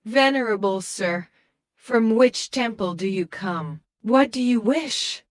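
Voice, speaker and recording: A woman's voice: on the high side, lively intonation, takes it slowly. A woman voicing a humble, devout young widow with a sick baby, speaking respectfully and pleadingly.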